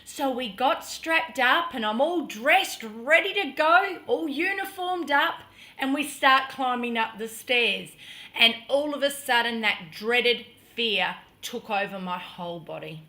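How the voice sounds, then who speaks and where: A middle-aged woman tells a personal story straight to her vlog audience, unhurried and earnest. Her voice is bright and sits a little high. She leans into the drama, sometimes dropping to a hush. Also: lively intonation. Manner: earnest, dramatic storytelling that drops to hushed tones. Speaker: vlogger.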